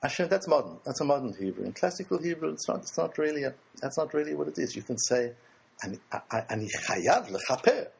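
A man's voice: fairly high pitch, fast, gravelly, few pauses, a little mellow, slightly rough. A man teaching a religious lecture to a group, asking rhetorical questions and answering them himself, earnest and emphatic.

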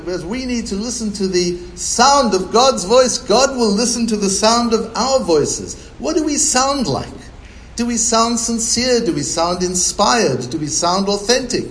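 A man with a high voice preaches at an unhurried pace. He speaks as a rabbi, building his points through a string of rhetorical questions. His delivery stays measured and deliberate, with a faint hiss behind him. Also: a bit bright, low-quality recording. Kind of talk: sermon.

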